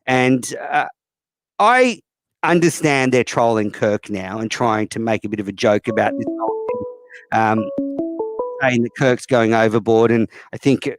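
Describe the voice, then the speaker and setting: A man's voice: mid-range voice, a little slow, no room sound, faint music behind. Blunt, profane male call-in host. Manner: blunt, profane, rambling with fillers. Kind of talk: casual call-in chat.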